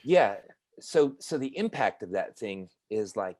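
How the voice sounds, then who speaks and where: A man's voice: fairly low pitch, very animated, unhurried, a little mellow, dry recording. Profane, ranting man on a podcast. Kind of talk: casual podcast chat.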